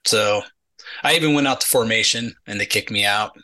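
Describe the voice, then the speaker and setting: A man's voice: lowish voice, brisk, poor audio. A middle-aged man, a retired Army sergeant guest on a podcast, telling a story casually and acting out the people in it. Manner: animated storyteller acting out quoted dialogue, many repeated "he's like".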